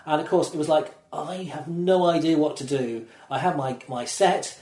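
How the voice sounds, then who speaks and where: A man's voice: fairly high pitch, normal speed, darkish tone. A man, a stand-up comedian, chatting casually on a podcast and telling rambling anecdotes, acting out the voices of the people in them. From England. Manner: rambling storyteller, acts out voices in quotes. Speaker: comedian guest. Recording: roomy echo.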